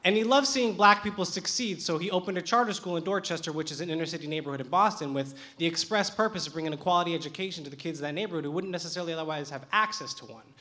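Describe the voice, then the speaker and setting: A young man with a noticeably high voice tells a true personal story live onstage. He speaks with lively, animated delivery and sharp comic timing. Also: racing, few pauses. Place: theater stage with audience.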